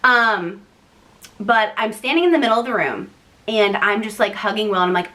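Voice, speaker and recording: A young woman telling a personal story to her vlog audience in a chatty, animated way, with frequent "like" and laughing asides. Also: mid-range voice, normal speed. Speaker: vlogger, first-time mom. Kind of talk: casual storytelling to camera.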